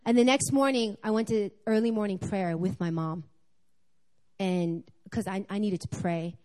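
Animated woman telling a story in church. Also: medium pitch, normal speed. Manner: animated storytelling, acting out dialogue. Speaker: church speaker. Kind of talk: personal testimony in a sermon. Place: church service.

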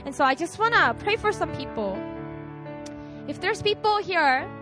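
Lively high-voiced woman preaching. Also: moderate pace, over music. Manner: lively preaching with repeated "right?" asides; acts out voices in her illustrations. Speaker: retreat speaker. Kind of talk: sermon.

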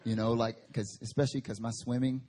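A man preaching a sermon at a church service, telling Bible stories in an animated way with slang and humor. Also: mid-range voice, fast, background noise. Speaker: guest preacher.

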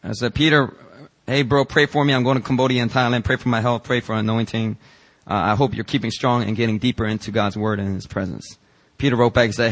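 A man pastor preaching a sermon in church, telling stories and reading out emails with lively emphasis. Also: mid-range voice, fast talker.

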